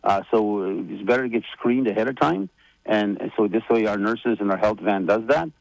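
A man giving community updates on the radio in a rambling, halting way, full of fillers and restarts. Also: fairly low pitch, gravelly, dry recording, low-quality recording. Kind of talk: casual radio chat.

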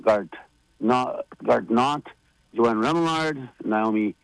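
A man giving community updates on the radio in a rambling, halting way, full of fillers and restarts. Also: medium pitch, vocal fry, no room sound, low-quality recording. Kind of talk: casual radio chat.

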